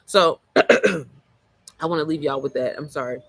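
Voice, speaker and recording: Woman, raspy-tired voice, casual motivational livestream, rambling and profane, dry close sound. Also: low voice, measured pace, no echo. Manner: rambling, easily sidetracked, profane and chatty. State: voice worn, a bit hoarse. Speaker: mom entrepreneur livestreamer.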